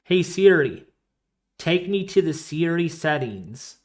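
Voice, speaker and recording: A man hosting a live weather stream, talking casually and excitably, rambling off into asides while reading the models and the chat. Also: on the high side, slow. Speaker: weather livestream host.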